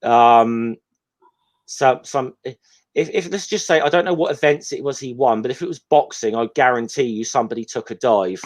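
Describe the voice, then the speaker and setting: A man's voice: mid-range voice, normal speed. A man, co-hosting a casual film commentary chat, hesitant and rambling with many ums. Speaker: podcast co-host.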